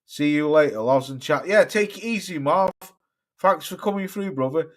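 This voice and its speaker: Animated and fairly high-pitched at normal speed, a man from Cheshire, England, chats casually with viewers on his boxing livestream. He reads their comments aloud, rambling and swearing often in a mixed Cheshire and Staffordshire accent.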